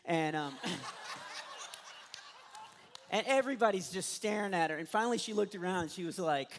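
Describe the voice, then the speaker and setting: A man from Texas with a Texan accent, doing stand-up comedy, telling stories in an animated way and laughing at his own jokes. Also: high-pitched, moderate pace, pauses often. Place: church stage. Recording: long hall reverb.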